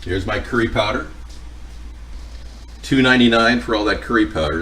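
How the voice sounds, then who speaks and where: A man's voice: lowish voice, normal speed, fairly bright tone, distant mic, slight background noise. A man hosting a cooking livestream at home, chatting casually and joking with viewers in a rambling way. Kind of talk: casual chat answering viewer comments. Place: home kitchen.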